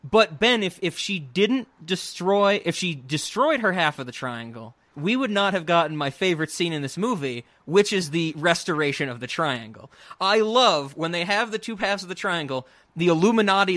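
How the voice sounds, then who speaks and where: High-voiced male co-host, animated movie chat, dry close mic. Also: moderate pace, hardly any pauses, no room sound. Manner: animated, laughing, mimics film lines in shrill voice. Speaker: podcast co-host. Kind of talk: casual movie review chat.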